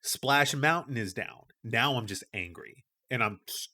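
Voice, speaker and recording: Lively man telling a story. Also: medium pitch, a little slow. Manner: animated storyteller, acts out quoted people. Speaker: podcast co-host. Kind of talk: casual storytelling chat.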